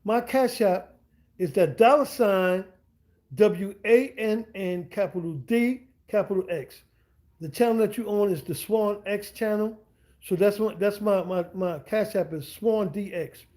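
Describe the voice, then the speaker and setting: A middle-aged man with a fairly high voice chats on a livestream from home. His tone is mellow and soft-edged, and he wanders from point to point, doubling back on his words and tossing in slangy check-ins with his viewers. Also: moderate pace. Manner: rambling, repeats himself, slangy asides. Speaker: streamer and language teacher. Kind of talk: casual livestream monologue. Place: at home indoors.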